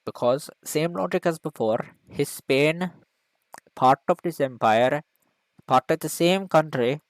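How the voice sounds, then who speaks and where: A man giving a mock lecture in a video, rambling and hesitant, full of fillers, deadpan, with broken grammar. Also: a little high, no room sound, low-quality recording. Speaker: video maker.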